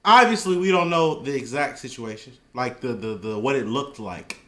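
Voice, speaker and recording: A man co-hosting a casual reaction video, loud and animated, often laughing and shouting. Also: medium pitch, normal speed, reverberant. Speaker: reaction channel co-host.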